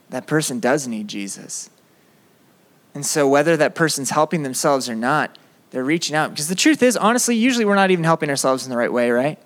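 A young man preaching a sermon as a campus pastor, animated and acting out prayers in quoted voices. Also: fairly high pitch, fairly quick. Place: campus ministry room.

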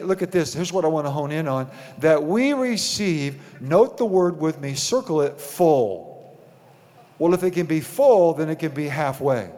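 Pastor, man, fairly high voice, preaching with call-and-response, long church reverb. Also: a little mellow. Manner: preaching with rising emphasis and call-and-response questions. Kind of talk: sermon. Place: church sanctuary.

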